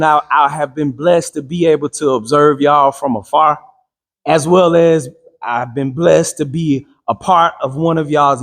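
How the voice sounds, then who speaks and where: A man's voice: fairly high pitch, creaky, long reverb tail. A man giving a motivational talk to a live group with call-and-response. He speaks emphatically in casual slang and repeats his phrases. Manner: slang-heavy casual speech.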